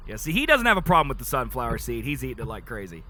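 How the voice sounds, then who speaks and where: Young male streamer, excitable and gushing, very bright voice with wildly swinging pitch. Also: very fast, slight background noise. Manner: excitable, gushing, laughs often. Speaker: live streamer. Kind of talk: casual livestream chat.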